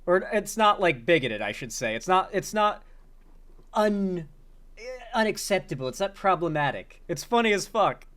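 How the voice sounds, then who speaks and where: A man's voice: high voice, sing-song, moderate pace, fairly bright tone. A man reacting to comedy clips as a commentary host, talking bluntly and profanely with frequent incredulous outbursts.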